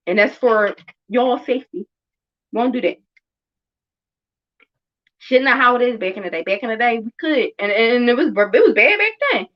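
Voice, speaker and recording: A woman's voice: fairly high pitch, lively intonation, moderate pace, long pauses, highs cut off. A woman around thirty, a mother and show host, telling a story in casual chat with blunt, emphatic and heavily profane talk. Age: about 30.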